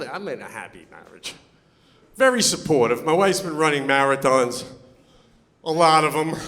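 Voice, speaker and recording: A man doing a stand-up comedy set on stage, animated and loud when he acts out quotes. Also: mid-range voice. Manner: animated, swings into loud put-on voices for quotes. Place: on stage before a laughing audience.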